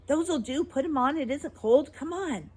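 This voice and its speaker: A woman voicing a quick, bossy young girl who urges her little brother along in a storybook reading. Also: sits high, lively intonation, a little mellow, a little hiss or hum, voice pushed up. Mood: urgent.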